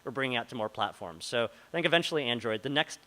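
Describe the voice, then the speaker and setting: A man's voice: medium pitch, lively intonation, quick pace, bright, forceful tone, rough recording. A man presenting at a meetup, answering audience questions in a loose, chatty way with plenty of fillers. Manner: casual, filler-heavy, many likes and ums. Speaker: product manager presenting. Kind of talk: meetup Q&A talk. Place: meeting room before a live audience.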